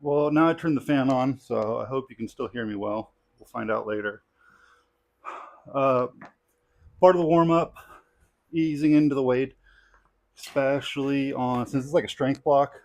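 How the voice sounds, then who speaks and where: A man's voice: mid-range voice, normal speed, long pauses. A young man talking casually while training in his home garage gym, tired and a bit out of breath, rambling with lots of fillers. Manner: relaxed, rambling, many fillers. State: tired, out of breath between sets. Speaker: strength athlete vlogging his training. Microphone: clip-on mic.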